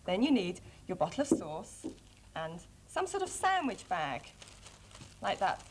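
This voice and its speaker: Expressive woman reading to children. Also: mid-range voice, a little slow, noisy background. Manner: expressive, friendly storytelling. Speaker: children's TV presenter. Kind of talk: storybook reading and craft demonstration for children.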